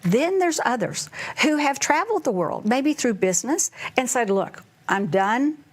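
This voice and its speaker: A woman's voice: high-pitched, normal speed, husky. A middle-aged woman, a financial advisor, chatting casually and acting out conversations with clients. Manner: animated storyteller, acts out client dialogue. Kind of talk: casual chat.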